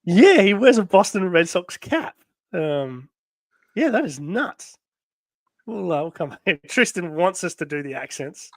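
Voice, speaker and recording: A man hosting a live comic read-through, rambling with many pauses and laughs. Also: high-pitched, very animated, no room sound. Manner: rambling, full of ums and laughs. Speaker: host. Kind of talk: casual live-stream chat.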